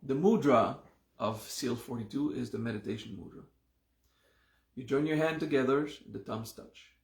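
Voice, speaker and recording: Slow, gravelly-voiced male meditation teacher. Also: mid-range voice, echoey room. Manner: unhurried, often checks in with "okay?". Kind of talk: live class explaining a mantra and mudra.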